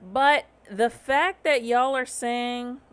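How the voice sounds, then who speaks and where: Brief: weary, opinionated woman host, slight Southern US drawl, fairly high voice, blunt and profane. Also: slow, a bit bright, clear, resonant tone. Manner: opinionated, swearing, rhetorical questions. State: tired. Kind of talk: casual commentary.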